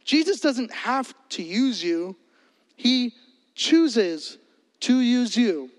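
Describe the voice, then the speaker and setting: A man preaching as a pastor, animated and joking in a conversational sermon. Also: extremely high pitch, slow pace. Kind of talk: energetic comedic sermon. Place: church hall. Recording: echoey hall.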